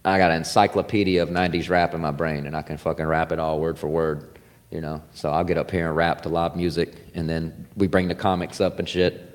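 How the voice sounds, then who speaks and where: A man's voice: extremely low pitch, brisk. A man hosting a podcast, telling stories in a loose, profane, casual chat. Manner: animated, loose, swearing freely. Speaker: podcast host. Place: comedy club. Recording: long reverb in a club room.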